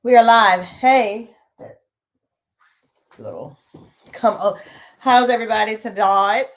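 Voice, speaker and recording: A woman's voice: on the high side, slow pace. A woman hosting a casual livestream from a small home studio, talking loosely and chatting to her viewers. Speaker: host.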